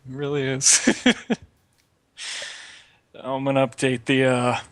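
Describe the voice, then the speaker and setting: A man's voice: mid-range voice, little pitch movement, slow pace, a bit bright, dry recording. A man on a voice call, helping run a charity stream and chatting in an upbeat, chuckling way. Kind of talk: casual chat.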